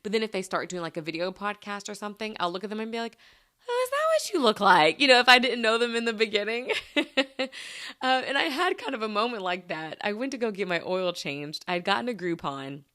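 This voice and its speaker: A woman's voice: medium pitch, brisk, bright, forceful tone. A woman podcast host, telling stories in a chatty, casual way with lots of fillers. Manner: chatty storytelling with many fillers. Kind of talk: casual chat.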